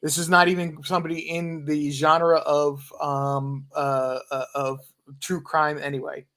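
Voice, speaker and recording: A man with a slightly high voice giving earnest advice during a casual livestream. He stumbles through many fillers and restarts as he explains his points. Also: flat delivery, unhurried, fairly bright tone.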